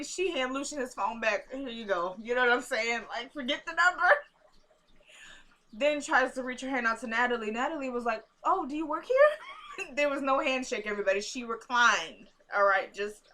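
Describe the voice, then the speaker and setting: A woman's voice: a little high, pushed and bright. A woman in a casual vlog, chatting to her viewers in slangy style as she retells a TV episode and acts out the characters' lines. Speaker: vlogger recapping a TV episode. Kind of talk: casual recap chat. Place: at home.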